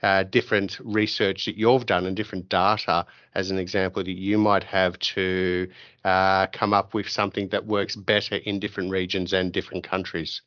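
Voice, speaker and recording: Brief: male podcast host, low-ish voice, rambling and chatty, dry and slightly dull audio. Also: level tone, normal speed, a bit bright, dry recording. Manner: rambling, chatty, many fillers. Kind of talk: podcast interview.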